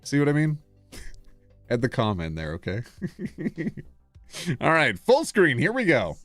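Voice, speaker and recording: Lively, animated male streamer. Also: medium pitch, a little slow, long pauses, no echo, faint music behind. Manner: animated, mock-outraged, laughs often. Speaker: streamer reading posts. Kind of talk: casual live-stream reaction reading.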